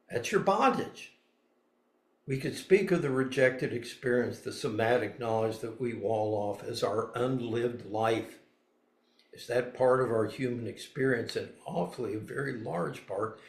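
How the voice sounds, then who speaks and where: A man's voice: mid-range voice, roomy sound. A man giving a dharma talk as a spiritual teacher, blunt and folksy, moving between reading and emphatic asides.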